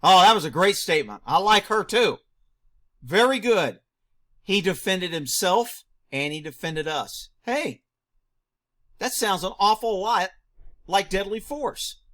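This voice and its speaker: A man reacting to a news clip, firing off rhetorical questions, answering them himself and shouting mocking asides. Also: sits high, animated, measured pace. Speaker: video commentator; former police officer.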